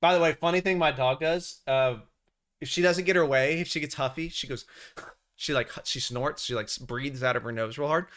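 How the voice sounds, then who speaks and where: A man hosting a casual livestream talks about the markets in a chatty, rambling way, often restarting his sentences. His voice is fairly high and fairly bright, and he speaks fairly quickly.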